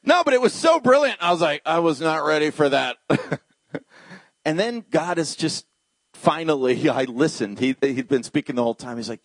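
Animated male pastor telling a story. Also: a little high, moderate pace, no room sound. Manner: animated storyteller acting out dialogue, dropping to hushed tones. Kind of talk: sermon with storytelling.

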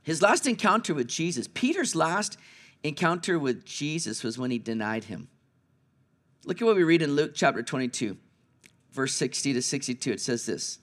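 A man pastor preaching an Easter sermon, moving between hushed, slow passages and raised, urgent ones. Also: mid-range voice, expressive.

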